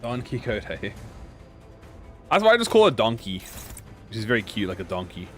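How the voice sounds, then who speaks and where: Man, game streamer, casual chat to viewers, profane, self-mocking, rambling, lively pitch. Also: fast talker, faint music behind.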